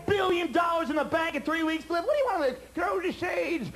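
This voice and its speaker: Shouting profane stand-up comedian. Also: male voice, extremely high pitch. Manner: shouting, profane, rapid punchlines. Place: comedy club stage. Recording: live club crowd laughing.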